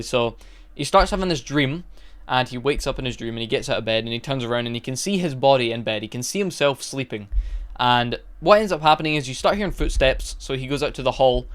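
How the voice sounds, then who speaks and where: A young man with a smooth, clear voice chats through a film review at a middle pitch. He rambles through the plot, stopping to correct himself and reach for words. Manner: rambling plot recap with frequent restarts and filler. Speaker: movie reviewer. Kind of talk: casual spoken film review.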